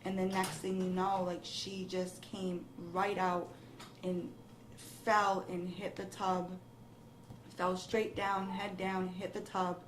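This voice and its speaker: A woman's voice: fairly low pitch, monotone, slow. A young adult woman recounting a dramatic personal ordeal in an interview, her voice rising with emotion as she relives it. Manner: breathless, rising emotion, quoting others in the retelling. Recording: echoey room, faint background noise.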